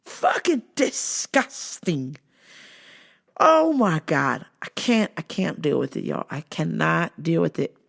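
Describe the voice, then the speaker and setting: Woman vlog host, low and gravelly, exasperated and profane. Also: very animated, slow, fairly bright tone. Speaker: vlog host and store worker. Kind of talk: casual vlog rant.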